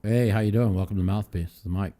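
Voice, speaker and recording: A man's voice: lowish voice, steady tone, quick pace, dark tone. A man hosting a call-in talk show, ranting heatedly with profanity and mocking quotes.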